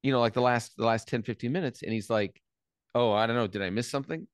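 A man's voice: medium pitch, fast, clean tone, no room sound, clean studio sound. A man hosting an interview, telling his own story in a rambling casual way with restarts. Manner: rambling, restarts, swears when worked up. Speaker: interviewer, host. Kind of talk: casual chat and anecdote.

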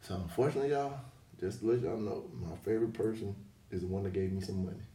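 A man hosting a casual podcast chat, playful and quick to joke and laugh. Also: sits low, expressive, dark tone, roomy sound, distant mic. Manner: playful, joking, laughs often. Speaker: podcast host.

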